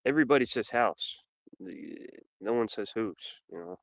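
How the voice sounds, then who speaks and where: A man's voice: fairly low pitch, expressive, moderate pace, dry recording, low-quality recording. A man chatting as a guest on a live stream panel, blunt and telling stories. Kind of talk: casual live stream chat.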